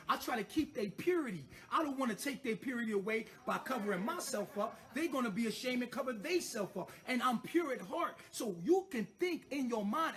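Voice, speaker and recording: A man's voice: extremely high pitch, fairly bright tone. A man speaking in a brash, profane, slang-heavy casual monologue, played as a clip. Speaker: self-styled spiritual leader.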